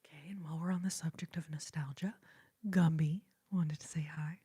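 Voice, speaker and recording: A woman, whispering softly and chatting unhurriedly as an ASMR host on a live stream. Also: low voice, fairly even intonation, a little fast, breathy edge. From Texas.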